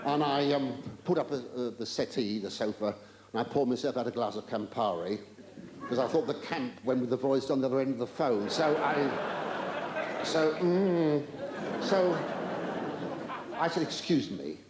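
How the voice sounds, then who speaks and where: An older man doing live stand-up comedy in a large theatre, camp and rambling, with drawn-out exclamations and stammering asides. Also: mid-range voice. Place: large theatre stage with an audience. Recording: roomy live theatre recording with audience noise.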